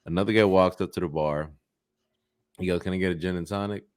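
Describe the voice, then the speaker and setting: Man, low voice, dry sound, casual swearing, joke storyteller. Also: steady tone, fast talker, no echo. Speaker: podcast co-host. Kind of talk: casual comedic chat.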